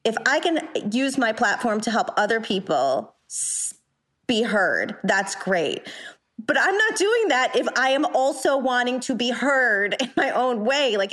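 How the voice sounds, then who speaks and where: Speaking unhurriedly in a fairly bright, expressive voice on the high side, a woman on a podcast panel holds forth in a heated casual discussion. She swears freely and talks with blunt passion through a long, meandering turn that keeps restarting.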